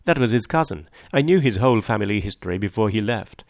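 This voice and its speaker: A man's voice: on the low side, animated, fast, vocal fry, no room sound. A man reading an audiobook, voicing a cool young sportswoman who tells things in a dry, matter-of-fact way.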